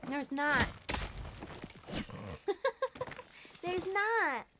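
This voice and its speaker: Gushing high-voiced woman streamer. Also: sing-song, extremely slow. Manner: gushing, sweet, frequent soft laughs and throat clearing. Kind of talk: casual gameplay livestream chat. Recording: faint background noise.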